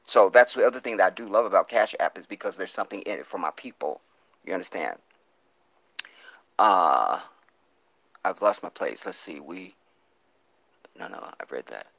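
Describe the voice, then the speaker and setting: A man's voice: sits low, lively intonation, normal speed, pauses often, fairly bright tone, dry recording. A man hosting a live stream, reading viewer comments and pleading for donations in an impassioned, profane way, on a phone mic. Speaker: livestream host.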